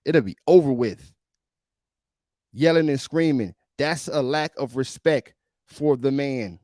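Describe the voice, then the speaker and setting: A man's voice: mid-range voice, slow, darkish tone, no room sound, studio quality. A male podcast host giving emphatic, preachy reaction commentary on a video, often repeating himself.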